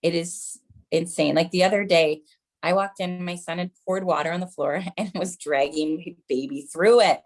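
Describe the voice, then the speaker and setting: A stand-up comedian in her thirties, with a lowish voice and a moderate pace, performs a chatty set. She tells self-mocking mom jokes and often calls the crowd "you guys."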